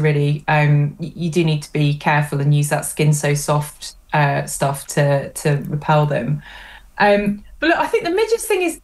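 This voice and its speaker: Posh English woman chatting on a call. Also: deep voice. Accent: posh southern English. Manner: chatty, many ums, laughs easily. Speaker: guest commentator. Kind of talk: phone interview chat.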